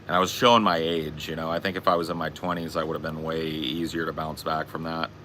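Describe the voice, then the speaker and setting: A man's voice: extremely low pitch, flat delivery, fast, background noise. A man hosting a podcast, telling a casual anecdote with plenty of swearing. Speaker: podcast host. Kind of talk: casual storytelling chat.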